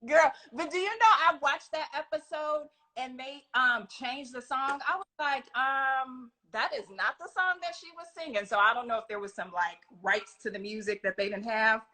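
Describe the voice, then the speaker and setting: A woman with a high, bright voice hosts a relaxed video-call chat. She reads out quiz questions in a friendly way and laughs with her guest. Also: moderate pace, few pauses. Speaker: interview host. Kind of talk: casual video chat interview. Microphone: phone or laptop on a live video call.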